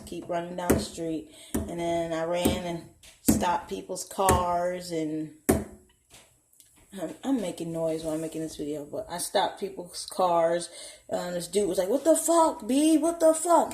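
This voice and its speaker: Young woman, blunt and profane, candid vlog story, lowish voice, echoey room. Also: darkish tone. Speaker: vlogger. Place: home, indoors.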